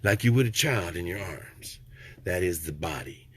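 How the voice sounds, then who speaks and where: An older man talks straight at the listener in a folksy, preachy monologue. His husky voice rises and falls a great deal, dropping low and soft and then jumping up loud. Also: expressive, moderate pace. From Texas. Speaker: vlogger. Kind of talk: rambling motivational monologue.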